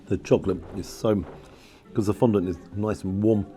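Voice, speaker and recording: An excitable man chats his way through a restaurant review, gushing and repeating himself as he tastes each dish. His voice is warm and mellow at a middle pitch. A faint hum of noise sits behind him. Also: normal speed. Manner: excitable, exclaims and repeats words. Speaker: food vlogger. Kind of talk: casual restaurant review to camera. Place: restaurant, then outdoors in the street.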